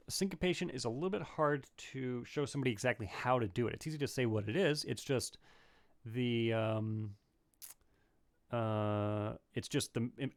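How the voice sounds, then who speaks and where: A man answering viewers' questions in a casual livestream banjo lesson, thinking aloud with many fillers and restarts. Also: medium pitch. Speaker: banjo teacher. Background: banjo playing between phrases.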